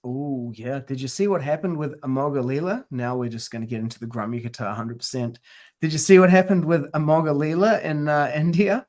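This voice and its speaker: A man's voice: on the high side, a little fast, darkish tone. A man co-hosting a podcast, chatting casually and telling stories with slang and mock quotes. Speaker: podcast co-host. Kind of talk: casual chat.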